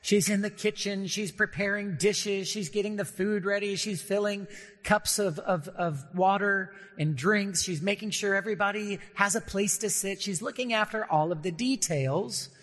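Man, pastor, sermon, earnest, slows for emphasis, fairly high voice, long hall reverb. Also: a bit bright.

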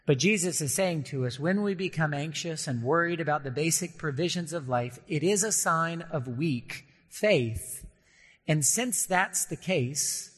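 A man delivers a sermon in an earnest, deliberate way, easing the pace on key lines. His voice sits a little high for a man. Long reverb from a large church hall trails each phrase. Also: fairly bright tone. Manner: earnest, slows down for emphasis, acts out quoted voices. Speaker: pastor.

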